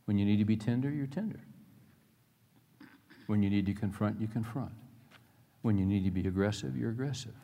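With a warm, lowish voice, a middle-aged pastor delivers a sermon built on personal stories, told earnestly in simple folksy phrasing. The sound carries the long reverb of a large hall.

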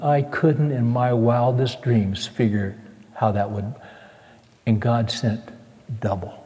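Older man preaching in an echoing hall. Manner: storytelling, acts out his own past voice, drops soft and low at the end. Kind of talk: sermon with personal story. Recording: long reverb of a large hall.

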